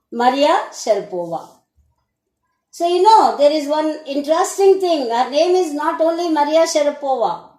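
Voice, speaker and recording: A woman with an Indian English accent teaching an English lesson, speaking slowly and deliberately and asking her students questions. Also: sits high, a little mellow, echoey room, low-quality recording. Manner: slow, deliberate, asks the class questions. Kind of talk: classroom lesson recording.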